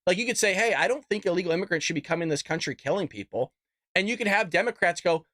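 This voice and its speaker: On a live political commentary stream, a male host rants heatedly and fast, full of profanity and mocking voices, his animated delivery swinging loud and high. The sound is clean studio quality with no room sound.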